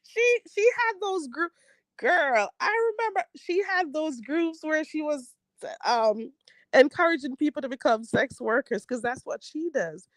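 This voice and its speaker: A woman's voice: high-pitched, animated, unhurried, dry recording. A Jamaican woman hosting a livestream, chatting casually and reading viewer comments, laughing often and repeating phrases for emphasis. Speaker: livestream host.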